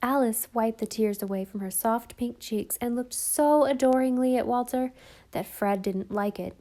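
A woman's voice: on the high side, moderate pace, warm tone. A woman narrating a children's story as an audiobook reader, shifting lightly between the children's voices.

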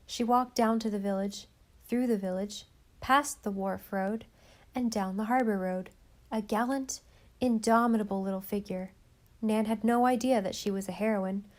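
A woman narrating a storybook in an expressive reading voice, softening on quiet passages. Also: medium pitch, moderate pace. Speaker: audiobook narrator.

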